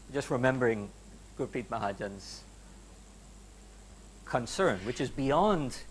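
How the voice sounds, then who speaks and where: A man's voice: medium pitch, slight background noise. A man giving an academic lecture to students, emphatic and conversational, with rhetorical questions and some hesitation fillers. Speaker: university lecturer. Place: lecture hall.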